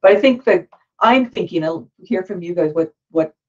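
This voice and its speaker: A woman's voice: lowish voice, normal speed, darkish tone, dull audio. A woman moderating a panel discussion, thinking aloud with many restarts.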